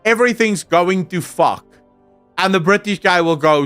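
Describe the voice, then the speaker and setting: A man's voice: high-pitched, moderate pace, fairly bright tone, soft background music. A young man with a South African accent, chatting casually and crudely on a live stream, joking and swearing as he reacts to chat. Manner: sardonic, joking, frequent laughter and swearing.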